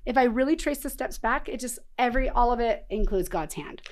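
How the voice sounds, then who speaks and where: A woman's voice: fairly high pitch, expressive, brisk. Upbeat woman rambling through a story. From Iowa. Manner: rambling, many "like" fillers, frequent laughs. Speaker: podcast guest. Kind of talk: casual interview talk.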